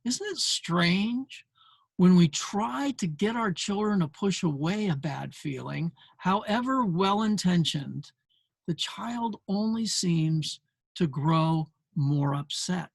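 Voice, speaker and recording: A man's voice: sits high, lively intonation, slow pace, vocal fry, husky, dry recording. Earnest man hosting a parenting talk. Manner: earnest and explanatory, with fillers. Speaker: parenting show host. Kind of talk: casual talk to camera.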